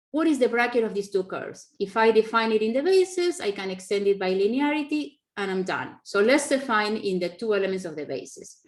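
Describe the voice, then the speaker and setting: A woman giving a mathematics lecture over a video call, explaining in a conversational, self-correcting way with non-native phrasing and frequent fillers. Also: a little high. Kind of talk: online conference math talk.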